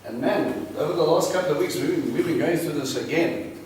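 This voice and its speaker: A man's voice: a little high, a little fast. A man preaching, telling a personal story and acting out both sides of the dialogue. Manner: animated, acts out both sides of conversations. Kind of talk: storytelling sermon. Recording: very echoey room, distant mic, faint hiss.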